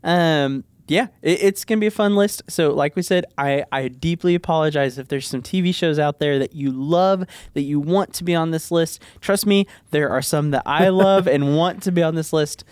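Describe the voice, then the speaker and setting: A young man co-hosting a podcast, chatting casually with animated jokes. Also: on the high side, normal speed, few pauses, smooth, no room sound. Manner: animated, joking. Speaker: podcast co-host. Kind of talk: casual chat.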